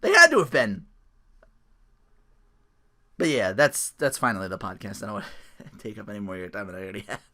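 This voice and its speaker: Bright-voiced young man rambling on a podcast. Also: fairly low pitch, big pitch swings, a little fast, pauses often. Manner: rambling, laughs often, swears casually. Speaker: podcast host. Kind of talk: casual solo podcast chat.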